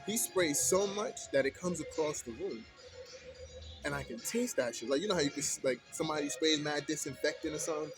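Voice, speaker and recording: A man's voice: a little high, a little fast, over music. A man ranting heatedly in a casual vlog, retelling an argument in colloquial speech.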